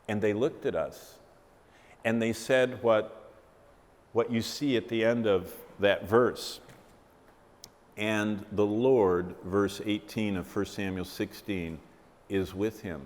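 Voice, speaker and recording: A man preaching a sermon, telling a story vividly and asking his listeners questions. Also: fairly low pitch. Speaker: Bible teacher. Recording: reverberant hall.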